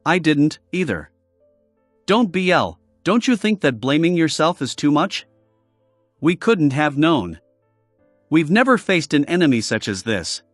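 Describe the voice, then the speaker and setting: A composed young woman warrior from a fantasy audiobook, voiced by a man narrator. She speaks in a calm, measured way. Dry, close sound with faint music behind. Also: a little high, no room sound.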